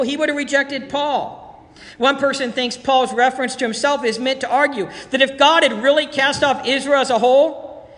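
A man's voice: very high-pitched, a bit bright, long reverb tail. A man preaching a verse-by-verse Bible teaching sermon, emphatic and repeating his key points.

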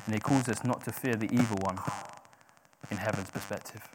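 A man preaching a sermon, swinging from hushed, slow emphasis to loud, rising exhortation, correcting himself as he goes. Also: lowish voice, steady tone, very noisy. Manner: self-correcting, with brief laughs.

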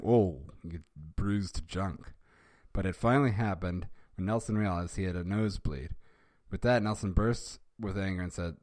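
Wry, deep-voiced man reading aloud. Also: moderate pace, a little mellow, no room sound, studio quality. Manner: wry, amused asides, chuckling. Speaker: reader and host. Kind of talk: casual reading with wry commentary.

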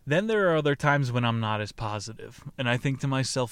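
A man hosting a podcast, reading a book aloud in a deadpan way and breaking off into laughing, profane asides. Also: mid-range voice, moderate pace, no room sound. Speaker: podcast host.

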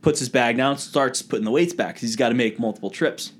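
A young man on a casual podcast, telling a story in an animated way, acting out the voices and swearing freely. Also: medium pitch, a little fast, a little hiss or hum.

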